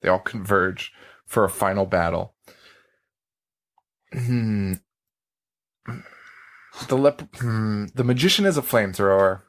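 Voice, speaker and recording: A man hosting a podcast, chatting casually about a movie, animated, laughing often and swearing freely. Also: on the low side, takes it slowly, long pauses. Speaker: podcast host. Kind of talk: casual movie-review chat.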